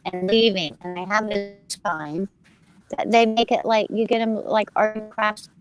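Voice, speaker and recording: Animated woman telling a chatty story. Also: mid-range voice, moderate pace, muffled recording, faint music behind. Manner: animated, gets fired up, acts out quoted voices; talks to listeners as "you guys". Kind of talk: casual chat, telling a personal story.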